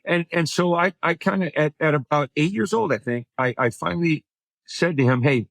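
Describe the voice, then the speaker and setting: A man's voice: a little high, fairly quick, vocal fry, fairly bright tone, no room sound. A man, a comedian guest, telling stories in conversation, acting out voices and building to punchlines. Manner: acts out voices in his anecdotes, punchline-driven; frequent self-repeating restarts. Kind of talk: animated conversational storytelling.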